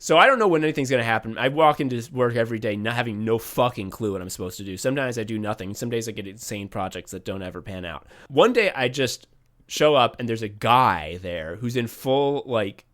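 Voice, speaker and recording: A man's voice: medium pitch, animated, fairly quick, a bit bright. A man hosting a podcast, telling a long work anecdote in casual chat, laughing often and swearing freely. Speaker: podcast host.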